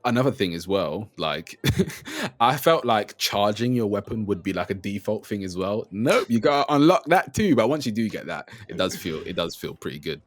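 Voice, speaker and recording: A man with a fairly low voice co-hosts a casual game review chat. He is relaxed and conversational and moves the talk along. His voice sounds dry and close, with no room around it. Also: moderate pace, no echo. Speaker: game podcast co-host.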